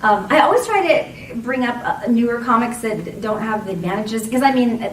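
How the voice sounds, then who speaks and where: Brief: rambling, laughing voice actress at a convention panel, distant mic, faint background noise. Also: female voice, fairly high pitch, animated, normal speed, echoey room. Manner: chatty and rambling, laughs often, acts out quotes. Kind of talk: casual panel Q&A.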